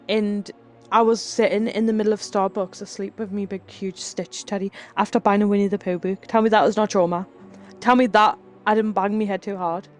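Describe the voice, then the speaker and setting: A woman's voice: a little high, a little mellow. A woman, chatting casually with her live chat, laughing often and telling rambling stories. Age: 30s. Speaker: streamer.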